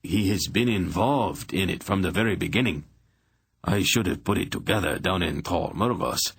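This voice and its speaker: Stubborn trader guy, blunt and mocking, low gravelly voice from a male reader. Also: moderate pace, dry recording, studio quality, exaggerated voice.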